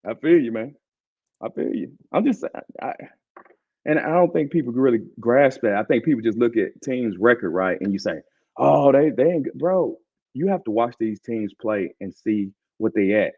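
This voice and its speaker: Man, Southern accent, casual sports talk host, animated, slangy, muffled lo-fi audio. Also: medium pitch, normal speed, slightly rough. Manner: animated, slangy, repeats points with "bro". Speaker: podcast host.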